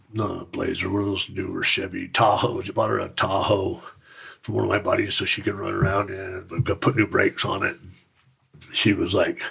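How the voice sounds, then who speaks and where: Raspy, hoarse-sounding man from Utah, low-pitched, frank and rambling storyteller. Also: a bit bright. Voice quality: gravelly, raspy voice. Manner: frank, rambling, swears casually. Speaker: podcast guest. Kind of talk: casual storytelling.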